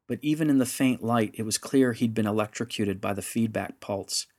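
A man narrating a science fiction audiobook in a steady, measured storytelling voice. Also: fairly low pitch.

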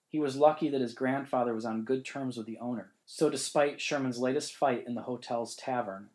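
A man reading a ghost story in measured, suspenseful narration. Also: mid-range voice, a little mellow, poor audio. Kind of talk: scripted narration.

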